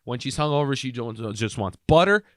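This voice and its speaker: Guy on a podcast telling a story, acts out the voices, mid pitch, dry close mic. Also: brisk, no echo. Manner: animated storyteller who acts out quoted dialogue. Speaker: podcast co-host. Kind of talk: casual podcast chat.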